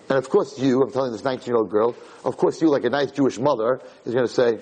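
A man's voice: mid-range voice, quick pace, hardly any pauses, warm tone, a little hiss or hum, poor audio. A man, a rabbi, giving a storytelling Torah lecture and acting out the dialogue with animation.

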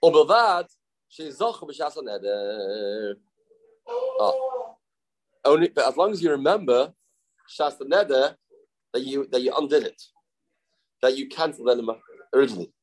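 A man's voice: mid-range voice, lively intonation, poor audio. A man teaching a Talmud study class, explaining in English with Hebrew and Aramaic terms and acting out the speakers he quotes. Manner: halting, self-correcting delivery.

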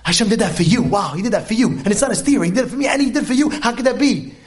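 A man giving a live Torah lecture, emphatic and repetitive, exclaiming often and swinging between hushed lines and shouted stresses. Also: high voice, expressive, racing. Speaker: Torah teacher.

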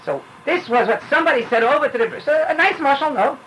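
A man with teaching an informal Torah class, telling parables in a rambling, animated way and dropping in phrases. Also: extremely high pitch, fast, a crowd in the background, poor audio.

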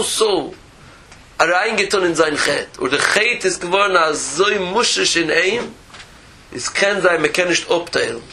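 A man giving a Torah lecture as a rabbi, animated, with rhetorical questions and repeated phrases. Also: high voice, slight background noise, poor audio.

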